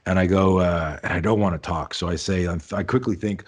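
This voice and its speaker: A man in his fifties, a self-defense teacher and podcast guest, telling an animated story, acting out the dialogue and swearing freely. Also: low-pitched, brisk, hardly any pauses.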